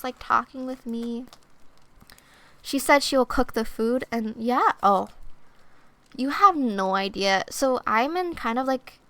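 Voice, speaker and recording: A young woman streamer giving oracle card readings in soft-spoken ASMR chat, casual and rambling with lots of fillers and playful asides. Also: sits high, a little hiss or hum. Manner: playful, silly wordplay.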